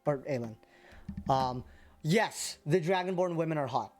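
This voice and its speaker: A casual man running a tabletop game, narrating in a halting, loose way full of "like" and "um". Faint music plays underneath. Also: fairly high pitch, lively intonation, darkish tone. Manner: casual, halting, many fillers. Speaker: game master.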